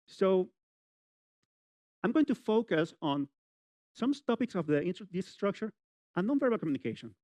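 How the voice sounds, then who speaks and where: Man, middle-aged, university lecture, animated, fillers, slightly high voice, dry close sound. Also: moderate pace, long pauses, no room sound. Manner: animated, addresses audience directly, many "you know" fillers. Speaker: public speaking lecturer.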